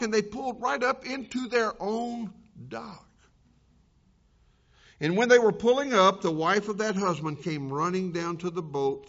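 A man preaching a sermon in a fairly high voice, telling a story with big swings between loud and hushed passages. The recording is dull and lo-fi.

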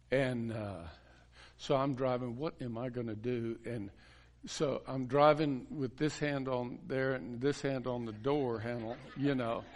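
A pastor, a man, unspools a story from the pulpit at a very unhurried pace. His delivery is folksy and halting, with frequent restarts and quiet chuckles, at a medium pitch. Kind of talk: storytelling sermon.

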